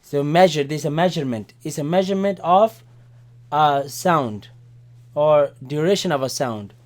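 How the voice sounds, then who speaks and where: A man's voice: a little high, expressive. A man teaching a Quran class, explaining vowels step by step and checking in with his students. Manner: repeats Arabic words slowly and loudly, checks in with "right?". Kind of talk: classroom Arabic lesson.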